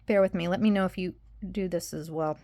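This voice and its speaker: A woman's voice: fairly low pitch, fairly even intonation, brisk, dark tone. A young adult woman vlogging casually to her viewers, rambling and emotional as she drifts between topics. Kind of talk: casual chat to camera.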